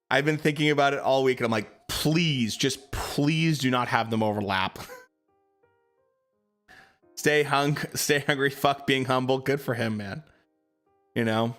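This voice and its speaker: A man's voice: mid-range voice, fairly bright tone, clear, resonant tone. A man streaming live, chatting casually about boxing and answering his viewers, with lots of fillers.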